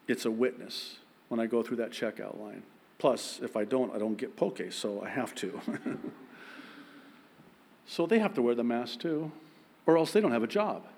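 A man preaching a sermon, telling everyday stories in a lively way and laughing at himself. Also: medium pitch. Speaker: pastor.

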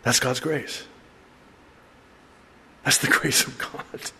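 A middle-aged male pastor giving a conversational, animated sermon with asides and laughter. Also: mid-range voice, takes it slowly, vocal fry, breathy edge, long reverb tail. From raised by an Arab mother.

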